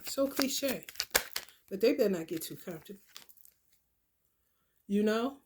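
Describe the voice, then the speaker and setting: A woman's voice: on the high side, a little slow, pauses often, background noise. A woman ranting straight to her viewers in a casual, swearing monologue, calling them "y'all" and "honey" as she preaches. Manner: animated, swearing, preachy rant. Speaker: vlogger.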